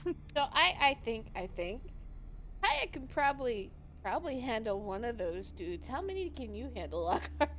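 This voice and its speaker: A woman's voice: a little high, big pitch swings, normal speed, fairly bright tone, slight background noise. Bubbly woman player laughing often. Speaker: tabletop game player. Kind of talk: casual in-character play.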